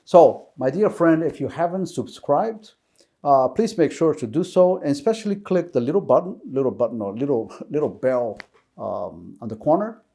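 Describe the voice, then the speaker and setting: A man's voice: on the high side, animated, moderate pace, vocal fry, dark tone. A man presenting a Catholic video lesson, speaking earnestly and conversationally to the viewer in an unscripted talk. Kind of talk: unscripted teaching talk to camera.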